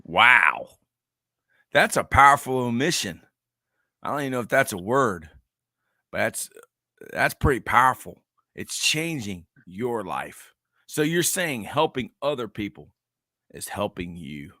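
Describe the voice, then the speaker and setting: A man's voice: medium pitch, very animated, unhurried, long pauses, bright, forceful tone, no echo, studio quality. A man co-hosting a coaching podcast, talking in an easygoing, storytelling way. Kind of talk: casual chat.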